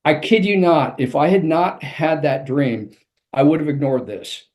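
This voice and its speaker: A man's voice: on the high side, animated, unhurried, darkish tone. A man, an author and executive coach, telling a vivid personal story as a guest in an interview.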